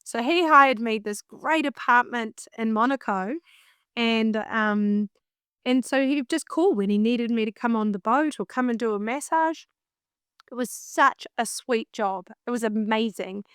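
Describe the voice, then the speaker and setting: A woman with a New Zealand accent telling a story in a casual interview, lively and acting out her own past thoughts. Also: on the high side, a little slow, smooth, no echo, clean studio sound. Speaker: guest, singer and vocal coach.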